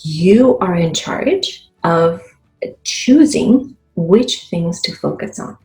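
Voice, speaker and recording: A woman's voice: lowish voice, expressive, slow, mellow, faint music behind. Encouraging woman in an echoey room. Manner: earnest, encouraging, directly addresses the viewer; acts out short quoted phrases. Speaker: self-help vlogger. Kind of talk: motivational talk to camera.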